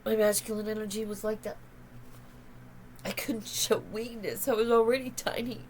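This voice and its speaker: A woman in her fifties, a spiritual channeler and vlogger, speaks tearfully in a raw, emotional, confessional vlog and swears freely. Her mid-range voice is a little mellow, with fairly even intonation and a moderate pace. The rough recording carries slight background noise.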